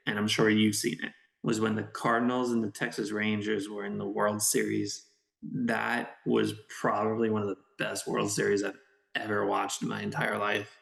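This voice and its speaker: A man co-hosting a casual podcast chat, with a gravelly, creaky edge in his voice. He tells stories with animation and acts out how people reacted. He is recorded in an echoey room. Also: on the low side, fairly bright tone. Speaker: podcast co-host.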